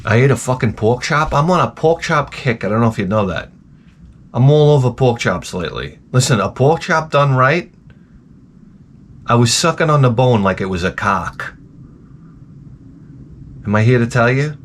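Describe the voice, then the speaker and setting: A man's voice: mid-range voice, normal speed, pauses often. Profane rambling New man. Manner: rambling, profane, animated storytelling. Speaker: comedic host. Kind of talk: profane comedic rant.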